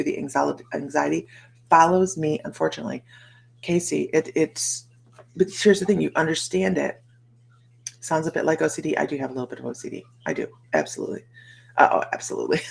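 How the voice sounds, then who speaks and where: Low gravelly woman chatting on a livestream. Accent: American. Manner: chatty, rambling, greets viewers by name. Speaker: psychic livestream host. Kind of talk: casual livestream chat.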